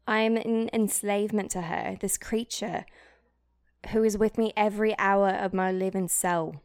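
A woman reading diary entries in a put-on British accent, voicing a fearful, brooding teenage girl in a slow, earnest, intense way. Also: medium pitch, fairly even intonation, no echo, studio quality, close to an everyday voice. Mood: despairing.

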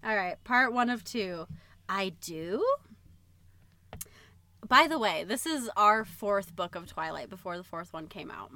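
A young woman co-hosting a podcast in casual chat, giggly and quick to swear. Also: medium pitch, lively intonation, pushed and bright. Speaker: podcast co-host.

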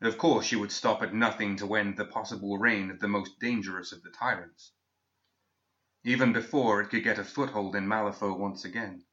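A man narrates a fantasy story in a measured, steady reading voice. His tone is low yet bright and forward. The recording sounds dull and lo-fi.

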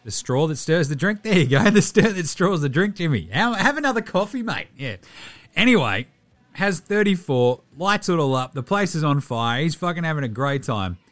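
A young Australian man hosting a casual basketball podcast, rattling off stats with lively, self-mocking banter and the odd swear. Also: a little high. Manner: animated, swearing, self-mocking, quick stat rundowns. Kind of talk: casual game recap.

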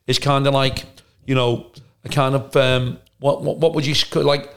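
A man's voice: medium pitch, level tone, moderate pace. A man from the United Kingdom hosting a casual podcast chat, a blunt storyteller who swears freely. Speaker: comedian and podcast host.

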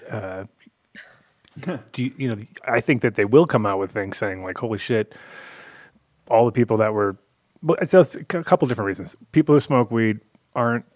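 A man co-hosting a casual podcast, rambling in a laid-back way and often trailing off into quiet mumbles. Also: mid-range voice, lively intonation, a little fast, no room sound, studio quality. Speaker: podcast co-host. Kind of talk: casual chat.

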